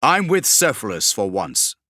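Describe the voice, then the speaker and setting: A man reading as a calm, practical armored soldier in a sci-fi audiobook, firm and flat in manner. The voice is bright and recorded dry. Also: fairly low pitch, a little slow, dry recording, heavily acted.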